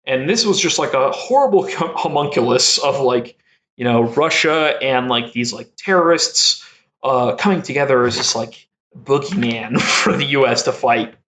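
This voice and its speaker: A young man in casual podcast chat, rambling with constant filler words and frequent laughter. His voice sits at a middling pitch. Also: normal speed, a bit bright. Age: young adult. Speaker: podcast guest.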